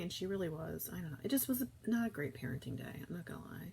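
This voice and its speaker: A woman's voice: mid-range voice, expressive, quick pace, creaky, hardly any pauses, husky. A woman in her thirties, chatting casually and rambling through a live morning stream, with lots of fillers and restarts. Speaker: food vlogger hosting a live morning chat.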